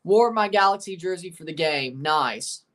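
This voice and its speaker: A man's voice: on the high side, expressive, normal speed, fairly bright tone. A man from Mississippi with a Southern accent, hosting a casual livestream and chatting with viewers in an opinionated, rambling way. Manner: chatty, opinionated, rambling, answers chat messages. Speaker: livestream host. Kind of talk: casual livestream watchalong commentary, reading chat.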